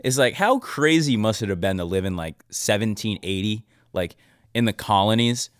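A man's voice: on the low side, moderate pace, smooth, no room sound, studio quality. A young man co-hosting a podcast in casual, crude, joking banter. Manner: crude, joking, mock-dramatic. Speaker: podcast co-host.

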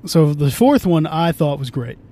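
A man's voice: very animated, normal speed, dark tone. A man hosting a casual podcast from a moving car, rambling and swearing, often restarting his sentences. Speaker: podcast host. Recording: faint car rumble.

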